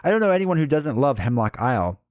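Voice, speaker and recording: A man's voice: mid-range voice, very animated, fast talker, darkish tone, no room sound, clean studio sound, close to an everyday voice. A man voicing an eager, friendly young local man who welcomes visitors in a tabletop card game reading.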